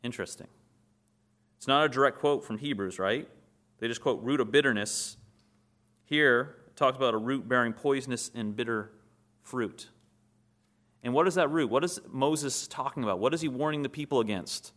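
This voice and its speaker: A man's voice: mid-range voice, moderate pace, pauses often, a bit bright. A man preaching a sermon, who asks his listeners questions, answers them himself and acts out short scenes in quoted voices.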